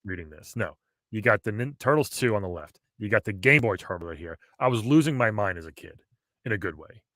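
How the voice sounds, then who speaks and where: Man, 40s, host, eager and laughing, bright lively voice, dry close sound. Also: lowish voice, fairly quick, dry recording. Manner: enthusiastic, laughs often. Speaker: podcast host. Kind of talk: casual chat.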